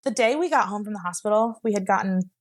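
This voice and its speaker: Talking fast in a medium-pitched voice, a young woman shares her personal story as a guest. It's loose and rambling, heavy on "like," with laughter woven throughout.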